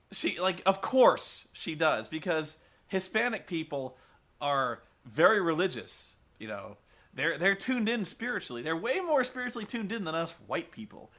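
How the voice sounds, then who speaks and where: A man's voice: high voice, pushed and bright. A man giving a comedic film review in a rambling, profane way, full of fillers.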